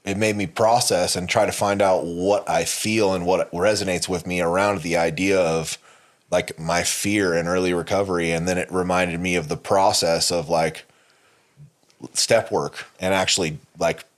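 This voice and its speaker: A man's voice: deep voice, fairly even intonation, normal speed. A man co-hosting a podcast, telling a candid personal story in a rambling way, with many fillers and restarts and frequent swearing. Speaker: podcast co-host.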